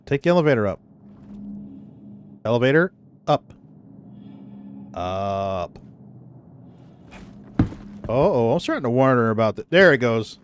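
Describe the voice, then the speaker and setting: A man's voice: mid-range voice, animated, a little fast, pauses often, a little hiss or hum. A man on a casual live game stream, swearing freely and laughing as he chats with viewers, still getting over the flu. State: recovering from the flu, coughs when laughing. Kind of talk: casual live-stream chat while gaming.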